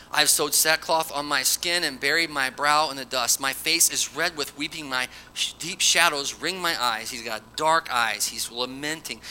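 A man preaching an expository sermon, reading scripture dramatically and swinging from loud emphatic lines to hushed, near-whispered ones. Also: mid-range voice, slight background noise.

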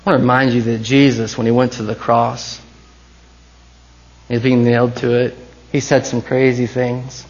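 A man preaching a sermon as pastor, swinging between hushed intensity and rising passion. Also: medium pitch, level tone, moderate pace, long pauses, lo-fi sound.

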